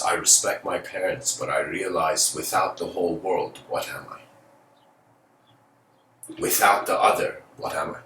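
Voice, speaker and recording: This philosophical lecture comes from a man whose low voice is a bit bright. He tells a loose, rambling story peppered with "you know," and the roomy recording from a distant mic has faint noise.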